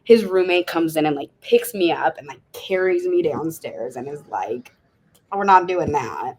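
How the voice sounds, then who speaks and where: A woman's voice: low-pitched, animated, normal speed, a little mellow, breathy edge. A woman in her thirties from Las Vegas, a podcast guest frankly telling her story and laughing often. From Las Vegas, USA. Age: 30s. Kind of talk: candid storytelling interview.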